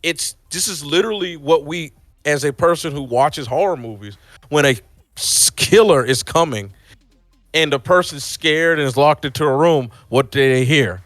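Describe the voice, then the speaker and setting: Excitable man co-hosting a movie podcast. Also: a little high, normal speed, no echo. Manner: excitable, animated storytelling. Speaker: podcast co-host. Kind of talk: casual movie review chat.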